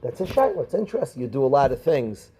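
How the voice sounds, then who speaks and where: A middle-aged rabbi, teaching a class of students and calling on them by name with questions. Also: male voice, medium pitch, very animated, fast talker, warm tone, slight background noise, poor audio. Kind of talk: Torah class.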